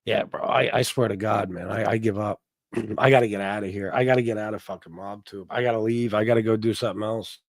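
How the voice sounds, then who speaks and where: A man's voice: fairly low pitch, steady tone, quick pace, creaky, no room sound, studio quality. Profane rambling man on a livestream. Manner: profane, rambling, mock-heartbroken; reads out and greets chat members. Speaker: livestream host. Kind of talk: casual livestream chat. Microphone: desk microphone.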